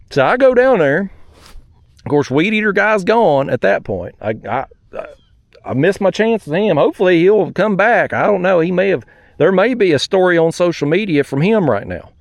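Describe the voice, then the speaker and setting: A man's voice: high voice, big pitch swings, a little fast, dry recording. A man hosting a fishing vlog, telling a story in a fired-up, profane rant while fishing outdoors from a kayak. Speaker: fishing channel host.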